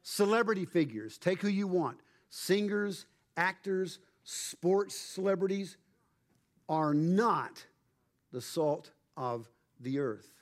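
A male pastor delivers a sermon in a slightly higher than usual voice. He preaches emphatically, slowing down and pausing for weight on key phrases. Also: lively intonation. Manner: emphatic, measured preaching with dramatic pauses.

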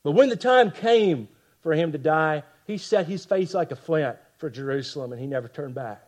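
Fired-up preacher guy, kinda high voice, goes loud then real quiet for effect. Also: lively intonation, moderate pace. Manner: impassioned, swings from loud emphasis to hushed lines; rhetorical asides to the congregation. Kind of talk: expository sermon.

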